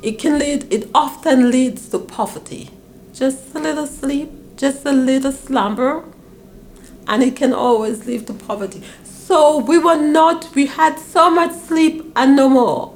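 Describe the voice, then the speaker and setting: In an interview with a faint hiss or hum behind her, a woman from Grenada in her later years tells stories from long ago at a somewhat slow pace. She brings her parents to life by voicing them, her pitch leaping up and down.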